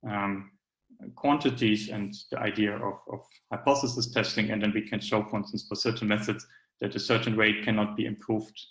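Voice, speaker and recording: A man's voice: on the low side, a bit bright. Man lecturing in a roomy hall. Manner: hesitant, many fillers and restarts. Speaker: academic speaker. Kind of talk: conference talk.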